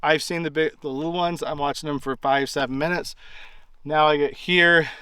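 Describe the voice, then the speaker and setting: Out in a wooded area, an eyewitness casually walks through what happened on a hunt, rambling with lots of "like" and pointing "right here." His voice sits on the high side, steady, sharp and smooth, at a moderate pace. The audio is poor, with no echo.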